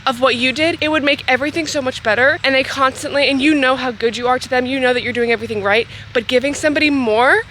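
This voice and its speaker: Young woman, fitness vlogger, rapid chatty delivery, emotional rambling, stuffy nose, slight hiss of background noise. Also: sits high, fairly even intonation, sharp tone. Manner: rambling, emotional, swears freely. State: stuffy-nosed from crying. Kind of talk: casual vlog talk to camera. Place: walking outdoors, then at home.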